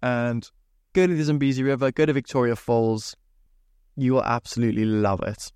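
A man's voice: mid-range voice, steady tone, normal speed, a little mellow, clear, resonant tone, dry recording, clean studio sound. A young man from Zimbabwe hosting a podcast, telling rambling, chatty stories with casual swearing. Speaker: podcast host. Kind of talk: casual storytelling monologue.

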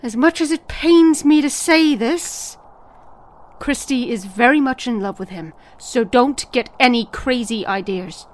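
A woman's voice: a little high, measured pace, lightly acted. A woman playing an exasperated, scolding sister.

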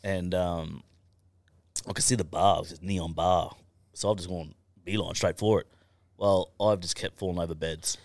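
A man's voice: sits low, steady tone, moderate pace, gravelly, no echo. A young Australian man on a podcast, telling stories in a casual chat. He swears constantly and laughs through his stories. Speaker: podcast guest.

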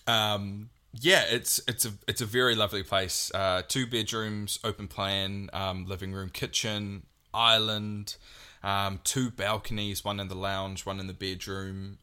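Young guy cohosting a podcast, low voice, bright punchy tone, rambles earnestly. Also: flat delivery, measured pace, clear, resonant tone. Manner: earnest, rambling with many restarts. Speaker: podcast co-host. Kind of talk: casual chat.

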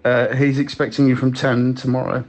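A man leaving rambling, halting voicemail messages for a friend, with many restarts. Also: mid-range voice, flat delivery, darkish tone, close to an everyday voice. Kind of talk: improvised comedy voicemails.

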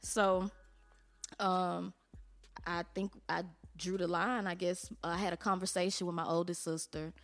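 A woman's voice: fairly low pitch, level tone, unhurried. Blunt woman telling her story. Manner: blunt, colloquial, salty language. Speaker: interview guest. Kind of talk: candid personal storytelling.

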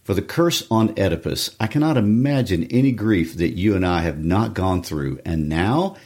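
A man's voice: deep voice, lively intonation, moderate pace, darkish tone. A man reading the part of a brave, headstrong young woman, speaking firmly and with determination in a classroom play reading. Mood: earnest. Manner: firm, determined read-aloud.

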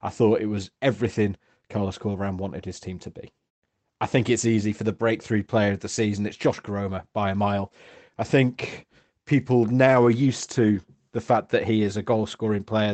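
Man, lowish voice, steady prepared rundown, dry mic. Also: no room sound. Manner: measured, steady, reads through picks. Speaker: podcast contributor. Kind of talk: prepared spoken segment.

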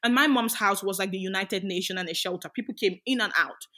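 This Australian interview guest is a young woman campaigning for women's rights. She talks fast in a mid-range voice that sounds pushed and bright, arguing emphatically and leaning on rhetorical questions.

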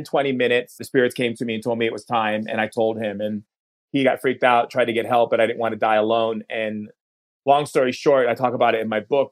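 A medium-pitched man appears as a podcast guest and tells a long personal story with real earnestness. He slows at the key moments and sometimes restarts his phrases.

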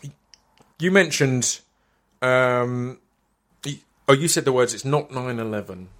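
A man's voice: medium pitch, unhurried. Sweary man telling a story. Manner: sweary, animated storytelling with stammered restarts. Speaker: podcast host. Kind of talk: casual chat, storytelling.

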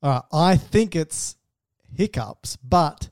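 Brief: doctor co-host, mellow slightly high voice, jokey and loose, dry close mic. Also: male voice, animated, slow pace, no room sound. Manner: joking, laughs often, plays the student. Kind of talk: casual podcast chat.

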